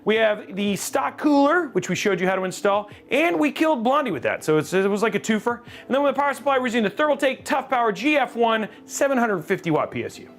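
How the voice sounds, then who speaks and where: Hardly pausing, a very high-voiced man talks at a quick clip during his live PC-building stream, with faint music playing behind him. He's lively and jokey, bantering casually with his audience while he builds.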